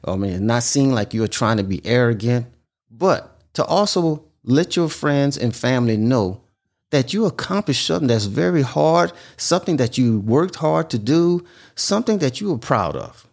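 A man's voice: medium pitch, lively intonation, moderate pace, gravelly, darkish tone. A man giving casual, earnest advice in a monologue, repeating his points often. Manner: repetitive, earnest, preachy, repeats phrases.

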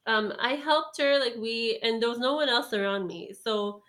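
A woman tells a long story in casual chat, her voice sitting a little high. She rambles, filling every pause with fillers and breaking into laughs as she goes. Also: a bit bright. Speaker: storyteller guest.

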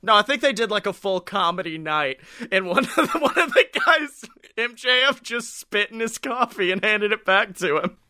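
A man hosting a podcast, chatting casually and laughing as he tells animated stories. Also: high voice, moderate pace, hardly any pauses, dry recording, studio quality. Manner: animated storyteller, laughs while telling. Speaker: podcast host. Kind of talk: casual chat.

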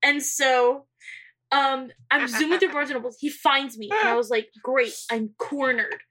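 A woman's voice: high-pitched, animated, normal speed, fairly bright tone. A young woman co-hosting a podcast, animatedly telling a dating story, acting out the quotes, swearing and laughing often. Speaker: podcast co-host. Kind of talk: casual storytelling chat.

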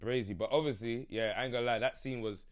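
A man's voice: medium pitch, fairly even intonation, fast, a crowd in the background. A man, chatting in a laid-back way on a podcast, repeating himself and using street slang. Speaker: podcast co-host. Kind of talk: casual chat.

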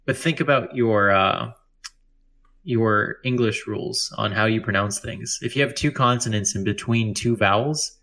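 A man's voice: fairly low pitch, moderate pace, fairly bright tone. A man co-hosting a casual podcast, reading news aloud and joking, tripping over foreign words. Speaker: podcast co-host. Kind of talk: casual chat.

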